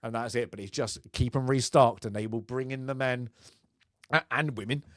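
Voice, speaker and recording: A man's voice: medium pitch, steady tone, normal speed, no room sound, clean studio sound. A man co-hosting a casual film chat, rambling and laughing often. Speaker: podcast co-host.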